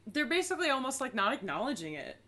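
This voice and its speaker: A woman's voice: high voice, very animated, fast, over a noisy crowd. A woman co-hosting a podcast, chatty and joking, adding to the retelling. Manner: chatty, chimes in and adds jokes. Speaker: podcast co-host. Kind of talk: casual chat.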